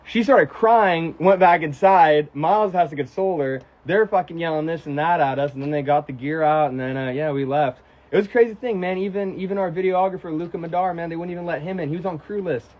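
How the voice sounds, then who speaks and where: A young American man on a casual livestream, reading out fan questions and telling stories in a profane, animated way. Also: fairly high pitch, fairly quick, few pauses, muffled recording. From United States. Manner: profane, animated storytelling, answering chat questions. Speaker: musician on a livestream.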